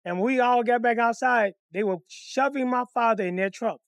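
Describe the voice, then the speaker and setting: A man telling a comic personal story in a profane, animated, conversational way. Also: very high-pitched, moderate pace, vocal fry, clear, resonant tone, no room sound.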